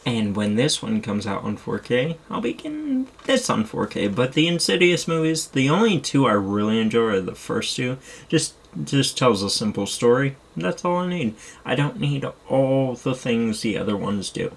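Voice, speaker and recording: Gravelly-voiced young man rambling excitedly. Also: medium pitch, moderate pace. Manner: rambling, excitable, swears casually. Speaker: streamer showing his movie collection. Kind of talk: casual chat.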